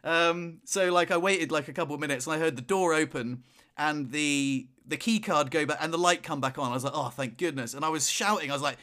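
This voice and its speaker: Bright-voiced man telling a story. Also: a little high, brisk. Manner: animated storyteller, shouts in retold moments. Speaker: podcast co-host. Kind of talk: casual chat, storytelling.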